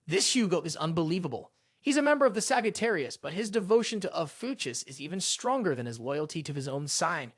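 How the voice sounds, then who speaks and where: Male narrator as a proud sun god, indignant, high and animated, storybook recap. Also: fairly quick, no echo, clean studio sound. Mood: furious. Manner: indignant, complaining.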